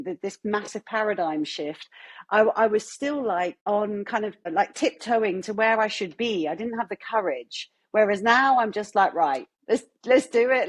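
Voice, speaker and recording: A woman, telling her own story as an interview guest in an earnest, animated way. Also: medium pitch, slightly rough. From London, England. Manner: earnest, animated storytelling with quoted self-talk. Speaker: guest artist. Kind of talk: candid interview chat.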